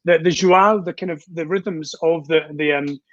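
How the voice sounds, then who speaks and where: A Scottish man, a guest on a video call, rambling warmly through anecdotes with plenty of ums and restarts. His voice sits a little high. The sound is dry and dull, lo-fi. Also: steady tone, moderate pace, no echo. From Scotland. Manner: chatty storyteller, many fillers and restarts. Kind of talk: casual chat.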